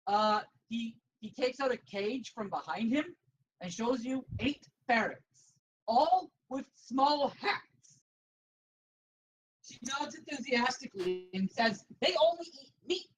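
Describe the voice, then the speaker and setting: A woman's voice: on the high side, animated, slow pace, poor audio. A woman narrating as dungeon master in a laid-back way, laughing and using lots of fillers. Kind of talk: narrating a tabletop game.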